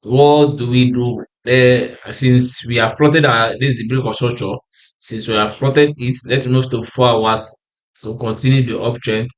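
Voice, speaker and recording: Man for a trading chart lesson, tired and yawning, mid pitch, keeps repeating phrases and asking himself "what?" before answering. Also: steady tone, a little slow. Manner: repetitive, restarts phrases, asks himself "what?" then answers. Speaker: forex trading analyst. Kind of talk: screen-share chart walkthrough.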